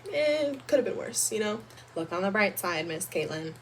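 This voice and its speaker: A young woman vlogger telling a storytime about her own life in a chatty, animated way, full of "like". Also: medium pitch, moderate pace, a little hiss or hum. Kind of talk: storytime vlog.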